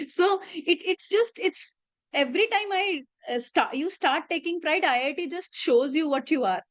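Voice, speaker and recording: Talking fast in a high-sitting voice, an Indian-accented teacher in her late thirties spins chatty classroom tales peppered with Hindi phrases. There's no room sound, just a slightly muffled dry recording.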